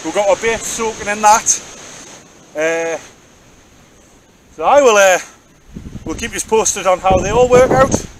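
Jokey high-voiced man, wind-buffeted. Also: a little slow, pauses often, poor audio. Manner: jokey, chatty, playful. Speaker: angler vlogger. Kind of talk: casual outdoor vlog commentary. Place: open beach on a windy evening. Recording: wind noise on the mic.

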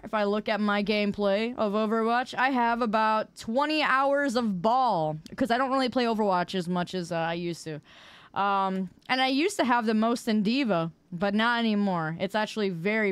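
A woman's voice: mid-range voice, normal speed, clear, resonant tone, dry recording. A woman streamer chatting casually with her viewers while gaming, playful and mock-indignant as she answers chat. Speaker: live streamer.

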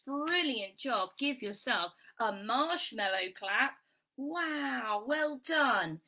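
A bright, crisp-voiced woman leads a children's phonics lesson. She speaks unhurriedly, sounds out each letter with care and showers the viewers with sing-song praise. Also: fairly high pitch, lively intonation. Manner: slow, clearly sounded-out letters. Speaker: phonics teacher.

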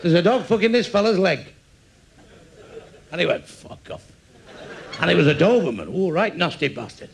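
A Mancunian comedian with a high, gravelly voice firing off crude jokes one after another. He drops each punchline flatly, and a faint hiss runs under the recording. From England. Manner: rapid-fire, crude, deadpan punchlines. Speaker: stand-up comedian. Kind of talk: stand-up joke telling.

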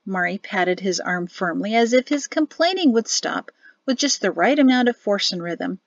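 A woman narrating a novel as an audiobook in an even storytelling delivery. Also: mid-range voice, moderate pace, vocal fry, no echo, lo-fi sound. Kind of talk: scripted narration.

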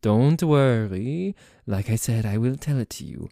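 In a clean studio recording with no echo, a voice actor with a mid-range, creaky, warm voice and lively intonation speaks unhurriedly. Using a put-on French accent for an audio role-play, he plays a protective young French nobleman, indignant and commanding toward a rival, then tender with his partner.

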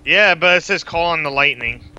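A man playing a game over voice chat, excitable and blurting, swearing now and then. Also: fairly high pitch, moderate pace, clean tone, dull audio. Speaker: player. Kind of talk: casual gaming chat.

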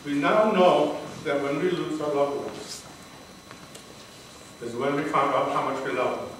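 Fairly high in pitch and measured in pace, an older man performs a prepared speech at a contest, relating a personal story with earnest drama. A distant mic in the large hall picks up echo, faint ambience and slight background noise.

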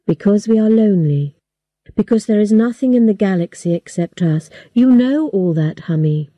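A woman voicing a sad, resigned father gently explaining to his daughter. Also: mid-range voice, lively intonation, moderate pace, no echo, lightly acted.

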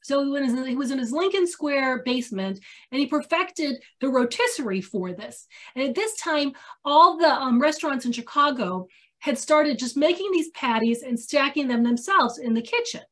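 A woman co-presenting a talk, telling an animated story and acting out the people she quotes. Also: high-pitched, normal speed.

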